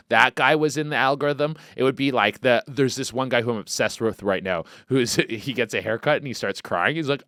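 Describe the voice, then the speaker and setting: A man hosting a comedy podcast, rambling and swearing freely, with loud excited outbursts. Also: medium pitch, dry recording, clean studio sound. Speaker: podcast host. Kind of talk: casual comedic podcast chat.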